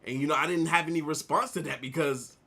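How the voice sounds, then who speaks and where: Man, 30s, casual artist vlogger; loose storytelling with lots of fillers, crisp bright tone. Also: on the high side, quick pace. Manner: rambling, animated retelling with repeated "like". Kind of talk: casual storytelling while drawing.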